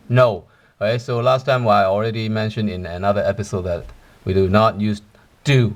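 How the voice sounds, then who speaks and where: A man's voice: lowish voice, unhurried, long pauses. A man teaching a language lesson, explaining patiently with many fillers and tag questions.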